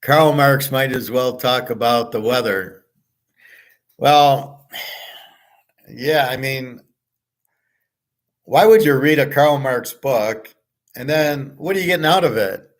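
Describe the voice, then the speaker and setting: A middle-aged man holding forth on his own live stream. He rants in a blunt, profane way, sure of himself and dismissive, in a casual monologue of middling pitch. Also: slow, long pauses. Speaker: host of a live show.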